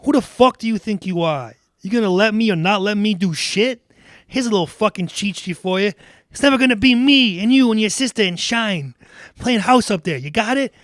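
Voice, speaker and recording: A man's voice: on the high side, expressive, normal speed, no echo, clean studio sound, natural voice. A man reading the lines of a blunt, fed-up robber who wants out, in a fan reading of film dialogue. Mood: angry. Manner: blunt, cursing.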